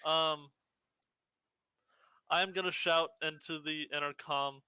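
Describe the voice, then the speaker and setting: A man's voice: a little high, steady tone, slow, pauses often, pushed and bright, clean tone, no echo. A man playing a tabletop game, talking hesitantly with lots of ums and casual swearing. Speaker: player.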